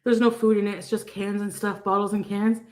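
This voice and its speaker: A woman's voice: mid-range voice, flat delivery, a little fast, darkish tone. Rambling woman in an echoey room. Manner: rambling, hesitant, greets chat by name. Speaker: vlogger being watched. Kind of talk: casual live-stream chat.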